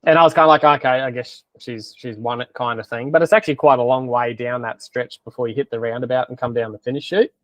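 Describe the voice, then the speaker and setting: A man's voice: mid-range voice, steady tone, fast, few pauses, dry recording, lo-fi sound. Easygoing aussie guy on a pod, matey, dry close sound. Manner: laid-back, matey. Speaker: podcast co-host. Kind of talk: casual chat.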